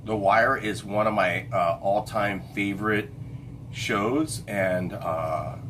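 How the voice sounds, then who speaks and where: A man's voice: fairly low pitch, takes it slowly, background noise. A middle-aged man hosting a casual late-night livestream chat, rambling and stopping to hunt for names with lots of fillers and restarts. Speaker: livestream host.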